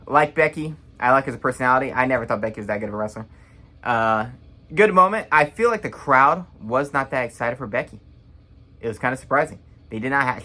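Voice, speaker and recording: A man's voice: mid-range voice, sharp tone. Blunt, rambling young man recapping matches. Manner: blunt, rambling, quick to judge. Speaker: wrestling reaction vlogger. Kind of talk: casual opinionated recap.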